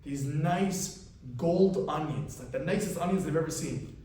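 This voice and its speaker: A man, a rabbi giving a weekly class, telling a parable as a lively storyteller who acts out the characters. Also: fairly high pitch, measured pace. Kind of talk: storytelling sermon. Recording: very echoey room, voice from far off, faint noise.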